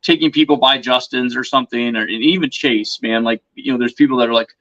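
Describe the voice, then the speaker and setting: A man's voice: medium pitch, steady tone, quick pace, a bit bright, highs cut off. A man guesting on a podcast, telling stories in a rambling, casual way full of fillers and restarts. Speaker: podcast guest, reptile vendor. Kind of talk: casual storytelling chat.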